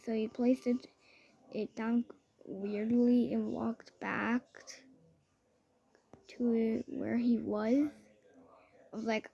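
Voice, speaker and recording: A woman's voice: a little high, little pitch movement, drawn-out words, gravelly, long pauses, warm tone, slightly rough, muffled recording. A woman telling a rambling personal story in a chatty way, with fillers and restarts.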